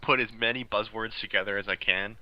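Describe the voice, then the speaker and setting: A young man, a guest on a casual podcast, telling animated stories and laughing often. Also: on the low side, a little fast, muffled recording, a crowd in the background.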